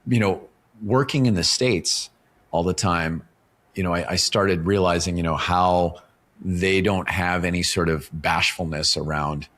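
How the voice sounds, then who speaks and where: A man's voice: sits low, measured pace, fairly bright tone. A middle-aged man, a guest talking casually in an interview and explaining ideas through stories, often tagging his points with "right?". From Canada. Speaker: author and professional speaker, podcast guest.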